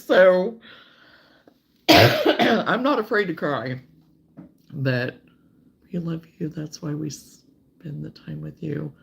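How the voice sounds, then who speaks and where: A woman hosting a casual crochet livestream, chatting warmly and reading out viewer comments, sometimes close to tears. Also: low-pitched, vocal fry. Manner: warm, emotional, reads viewer comments aloud.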